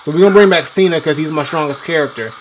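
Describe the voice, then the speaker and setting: A man's voice: on the high side, very fast, slight background noise. A man giving loose, rambling gameplay commentary as a game reviewer, swearing freely while he plays.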